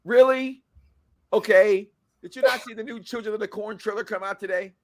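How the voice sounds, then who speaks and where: A man co-hosting a live review stream, joking in animated, loud-and-soft bursts. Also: sits high, normal speed. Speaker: co-host of a reality show review.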